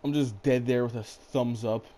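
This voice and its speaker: Mellow laid-back gamer guy. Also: mid-range voice, fairly even intonation, moderate pace. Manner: laid-back, rambling, swears casually. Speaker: gaming channel host. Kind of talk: casual gameplay chat.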